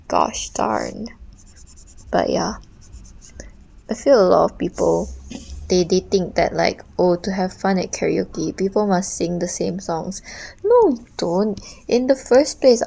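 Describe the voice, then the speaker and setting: A woman's voice: mid-range voice, vocal fry, mellow, rough recording. A young woman, an art streamer, chatting casually and ramblingly while she draws, full of slang. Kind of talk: casual chat while drawing.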